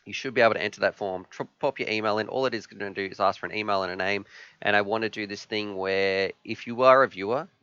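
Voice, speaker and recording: A man's voice: fairly low pitch, fast, pushed and bright, clean tone, dry recording, highs cut off. A man hosting a casual live stream from his home room, rambling and chatty as he thanks viewers.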